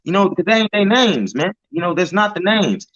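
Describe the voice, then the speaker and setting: A man's voice: sits high, big pitch swings, normal speed, fairly bright tone. Guy telling a street testimony, slangy and cussing, keeps saying man, kinda muffled lo-fi sound. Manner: slangy, tags lines with "man" and "you know", profane. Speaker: street preacher in group discussion. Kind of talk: casual testimony.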